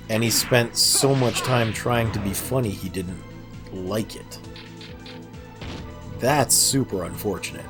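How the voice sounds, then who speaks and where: A man with a sore throat chats casually during a game livestream, self-deprecating and quick to laugh. His voice sits fairly low. Faint game music runs behind him. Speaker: streamer. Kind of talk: casual gameplay livestream chat.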